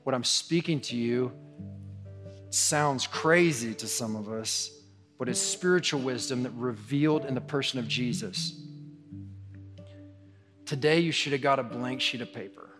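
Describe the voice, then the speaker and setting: A man's voice: mid-range voice, measured pace, pauses often. A man preaching a sermon as pastor, earnest and repetitive, his delivery swelling in intensity. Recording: long hall reverb with faint guitar music.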